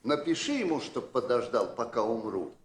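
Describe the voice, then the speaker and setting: An actor playing a sarcastic, cantankerous older prince in a film drama, mocking and scornful. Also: male voice, mid-range voice, very animated, brisk, natural voice. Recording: roomy film soundtrack, faint ambience.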